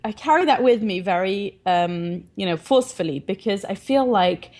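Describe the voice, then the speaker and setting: A woman's voice: mid-range voice, lively intonation, moderate pace, a little mellow. A woman in her thirties, a parenting advocate, talking earnestly and reflectively in a casual interview. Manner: earnest, reflective, laughs often.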